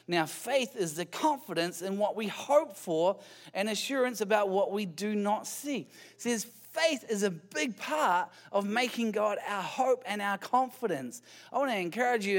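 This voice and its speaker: A high-pitched male pastor delivers a sermon. His tone is conversational and he keeps putting rhetorical questions to the congregation, with light self-deprecating humor mixed in.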